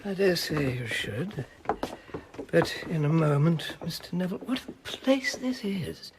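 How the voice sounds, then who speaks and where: An actor playing a shrewd, genteel private detective in a radio drama, mild, dry and unhurried. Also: male voice, fairly high pitch, sing-song, noisy background. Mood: probing.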